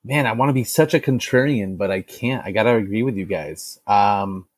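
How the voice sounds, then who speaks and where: A man's voice: lowish voice, moderate pace, no room sound. A man co-hosting a casual sports podcast, talking confidently and joking. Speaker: podcast co-host.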